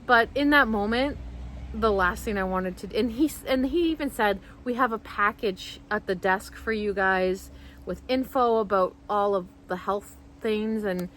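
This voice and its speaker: A woman's voice: medium pitch, fairly bright tone, a little hiss or hum, rough recording. A woman vlogger telling a personal story straight to camera, rambling and heartfelt, full of "like" and restarts.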